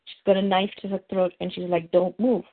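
Talking quickly in a medium-pitched voice with little pitch movement, a woman recaps a TV episode for her podcast in a rambling, casual way. She restarts often and uses plenty of fillers, and the sound is tinny and phone-like.

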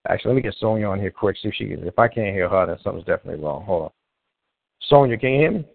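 Low-voiced man hosting a call-in show over a tinny line. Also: expressive, very fast, creaky, a little hiss or hum. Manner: rambling and loose, restarts often while troubleshooting callers. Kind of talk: casual live call-in chat. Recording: tinny phone-line sound, dry.

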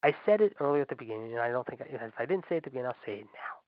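A man's voice: mid-range voice, expressive, racing, no echo. A man hosting a wrestling podcast, ranting in a profane, sarcastic and fired-up way. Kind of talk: ranting commentary. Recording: dull lo-fi dry recording.

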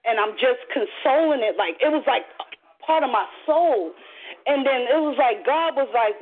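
Animated woman storyteller on a phone line. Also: high-pitched, normal speed. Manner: animated, profane, acts out voices in her story. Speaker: caller. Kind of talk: casual storytelling.

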